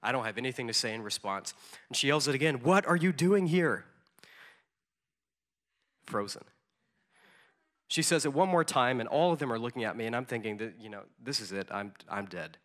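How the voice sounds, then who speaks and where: A man's voice: mid-range voice, fast talker, a bit bright. A man preaching in a storytelling way, conversational, with frequent ums and repeated words. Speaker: conference speaker. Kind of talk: storytelling sermon.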